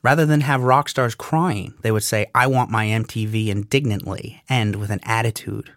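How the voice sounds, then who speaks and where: A man narrating a documentary podcast as its host, with a clear, steady delivery. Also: on the low side, moderate pace, no echo, studio quality. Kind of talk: scripted narration.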